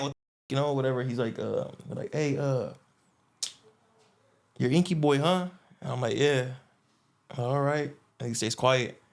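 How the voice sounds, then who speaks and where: A young guest with a gravelly voice rambles through a long story in casual conversation, plugging the gaps with "boom" and "you know what I'm saying."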